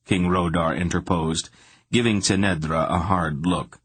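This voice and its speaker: Brief: male fantasy audiobook narrator, low husky voice, steady expressive reading. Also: normal speed, no echo.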